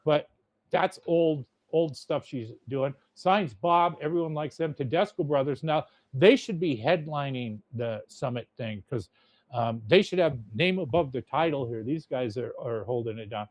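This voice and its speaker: Male podcast host, cursing, blunt rambling rant, slightly high voice, dry close sound. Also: dry recording. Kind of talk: casual rant.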